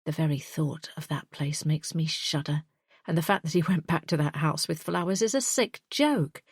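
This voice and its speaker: A woman narrating a thriller audiobook in a tense, measured first-person storytelling style on a close studio mic. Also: deep voice, husky, no echo.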